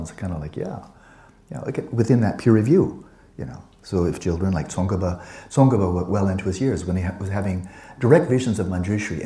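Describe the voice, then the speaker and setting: A warm, low voice fills an echoey room as this man teaches Buddhism to his students, talking conversationally, wandering off on tangents, and dropping playful asides in his dharma talk.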